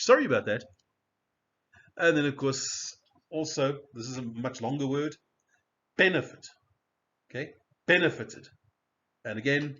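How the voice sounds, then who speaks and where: Slow, lively-voiced male teacher. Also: medium pitch, muffled recording. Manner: slow, deliberate, repeats and stresses each example word. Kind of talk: recorded spelling lesson.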